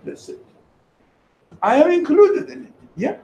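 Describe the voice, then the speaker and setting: Very high-pitched but gravelly and mellow, the man's voice is very animated and a little slow. He gives an emphatic lecture to a small group in an echoey room with faint ambience, repeating key phrases and putting questions to his listeners.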